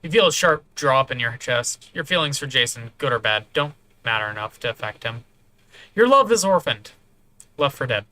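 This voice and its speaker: Man, game narration, soft and measured, bright tone. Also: mid-range voice, no echo. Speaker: game streamer reading aloud. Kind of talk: narrating a visual novel.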